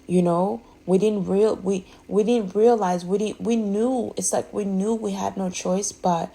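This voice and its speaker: A woman's voice: medium pitch, steady tone, measured pace, vocal fry, mellow, poor audio. A woman speaking candidly in a rambling, emphatic way, often restarting her sentences. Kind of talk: candid personal monologue.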